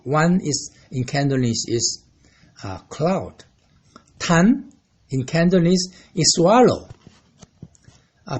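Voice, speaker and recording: A man whose first language is Mandarin Chinese, explaining words in a casual language lesson, slow and explanatory, with many fillers and repeated words. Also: slightly rough. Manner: lively pitch, pronouncing Chinese words slowly. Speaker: teacher.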